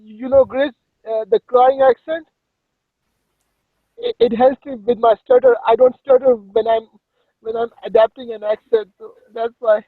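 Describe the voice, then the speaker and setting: A man's voice: extremely high pitch, big pitch swings, no echo, phone-quality sound, heavily acted. A man on voice chat putting on a Pakistani accent and a fake crying voice, playing a pleading, nervous immigrant. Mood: whiny. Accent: put-on Pakistani accent. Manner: whimpering, pleading, halting. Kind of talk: voice chat prank role-play. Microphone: phone in a voice chat.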